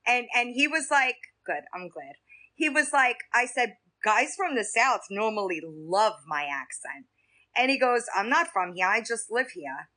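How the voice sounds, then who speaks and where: A woman with a thick New York accent talks to her live-stream chat in an unhurried, easy way. Her voice sits a bit high and bright, and it swings up and down with plenty of life. She laughs often as she goes. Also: big pitch swings. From Staten Island, New York.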